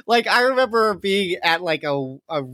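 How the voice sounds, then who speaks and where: A man's voice: sits high, animated, moderate pace, very noisy. A man co-hosting a podcast in casual chat, laughing often and talking with emotion. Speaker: podcast co-host.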